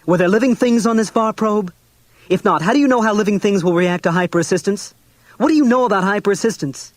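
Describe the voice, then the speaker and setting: A man's voice: a little high, expressive, quick pace, no echo, natural voice. A man voicing a stubborn, anxious husband and father who argues tensely. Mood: angry. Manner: tense, argumentative.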